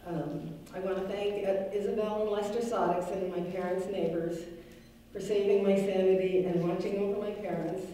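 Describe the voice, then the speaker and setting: A middle-aged woman giving a halting memorial speech as the daughter, with frequent ums and restarts. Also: medium pitch, steady tone, mellow, slight background noise. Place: large synagogue hall. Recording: echoey hall from far off.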